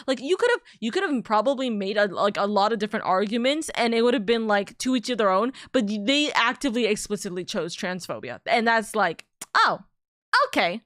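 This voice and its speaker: A woman's voice: on the high side, animated, fairly quick, fairly bright tone, no echo, studio quality. A woman streamer in a heated, casual rant, swearing freely and restarting her sentences.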